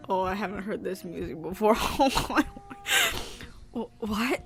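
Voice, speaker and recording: A woman commenting on a horror game as a YouTuber, loud, excitable and slangy, yelling and joking at what happens. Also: medium pitch, a little slow, faint music behind. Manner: loud, excitable, slangy, laughs and yells reactions. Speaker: gaming YouTuber.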